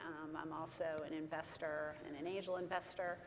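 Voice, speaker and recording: A woman's voice: low voice, level tone, moderate pace. A woman in her forties introducing herself plainly as a panelist. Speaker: incubator director, panelist. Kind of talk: panel discussion. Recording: reverberant hall, faint room noise.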